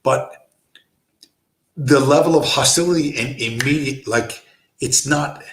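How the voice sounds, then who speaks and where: A man's voice: medium pitch, a little slow, fairly bright tone. A man hosting a livestream, delivering a blunt, profane, emphatic ranting monologue from a home room. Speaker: livestream host. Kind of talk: ranting monologue on a chill stream. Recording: roomy echo.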